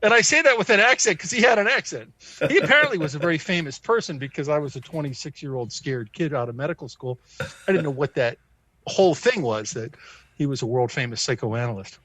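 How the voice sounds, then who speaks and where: A man in his sixties with an American accent, a psychiatrist guest telling a personal story in an animated, self-deprecating way. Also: fairly high pitch, fairly quick, dry recording. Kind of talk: conversational storytelling.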